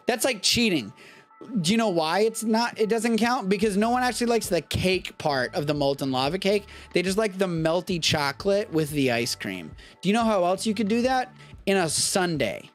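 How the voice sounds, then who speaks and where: A young man hosts a live stream with loose, animated banter and plenty of cursing. His voice sits a little on the high side, and faint music plays quietly behind him. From Texas. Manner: profane, animated riffing. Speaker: host of a live streamed show. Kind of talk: casual live-stream chat.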